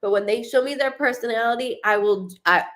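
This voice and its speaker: A woman's voice: fairly quick, a bit bright. A woman psychic medium giving a live-streamed reading, talking in a chatty, rambling, self-deprecating way. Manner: chatty, rambling, self-deprecating, acts out quoted spirits in higher voice.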